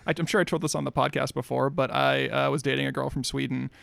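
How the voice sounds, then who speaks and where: Gravelly man spinning a rambling tall tale. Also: mid-range voice, level tone, fast, a bit bright, dry recording. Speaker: podcast co-host. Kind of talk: casual comedic storytelling.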